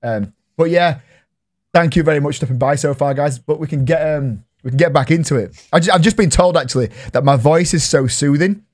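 A man with a Yorkshire accent, chatty and quick to laugh, hosting a live-streamed podcast. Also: on the high side. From Yorkshire, England. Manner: chatty, laughs often, reads out shout-outs. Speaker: podcast host.

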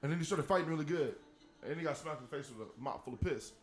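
A man's voice: on the high side, racing, roomy sound. A man, co-hosting a podcast, who retells movie scenes and teases in goofy, casual chat. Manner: goofy, teasing storyteller. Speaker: podcast co-host.

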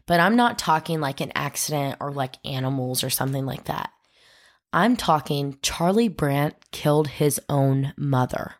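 A woman's voice: sits low, moderate pace. A woman podcast host telling a true crime story, dramatic and acting out the quoted voices.

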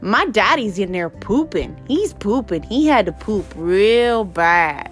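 A woman's voice: mid-range voice, lively intonation, takes it slowly, faint music behind. A woman putting on the voice of a cheeky, blunt little girl of about three. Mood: tattling. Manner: sassy, tattling child voice.

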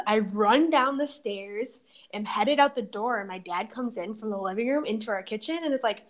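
A young woman with a slightly raised voice talks in a relaxed podcast chat. She laughs often and fills her stories with "like.". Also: fairly high pitch, brisk, dull audio. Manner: giggly, chatty storytelling with many "like"s.

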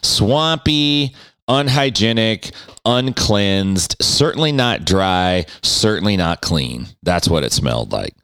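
Deep-voiced, animated, profane man. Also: slow pace, clean tone, no room sound, clean studio sound. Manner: profane, animated, self-mocking. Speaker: podcast host. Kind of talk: casual podcast storytelling.

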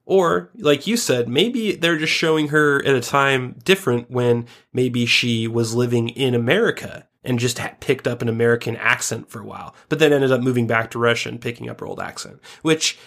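A man co-hosting a podcast in casual chat, joking crudely and getting animated when he makes a point. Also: medium pitch, moderate pace, few pauses. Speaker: podcast co-host.

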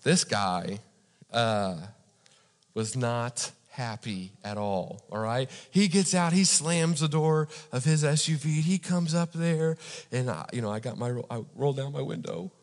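A pastor from Indiana gives a sermon, telling a story in a chatty way and often asking the crowd "right?". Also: male voice, medium pitch, measured pace. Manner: conversational, repeats "right?" for the audience. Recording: long hall reverb.

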